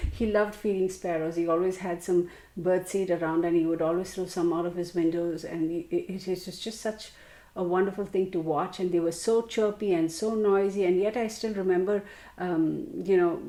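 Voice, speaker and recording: A woman's voice: mid-range voice, dark tone, roomy sound. A woman hosting a tarot channel, chatting casually to her viewers with lots of fillers and restarts. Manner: rambling, many fillers and restarts. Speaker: tarot reader and channel host.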